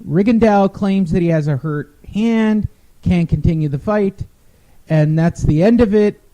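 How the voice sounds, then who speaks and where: A man's voice: high voice, unhurried, mellow. A man co-hosting a casual sports talk show, recapping fights in a wry, rambling way. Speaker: podcast co-host.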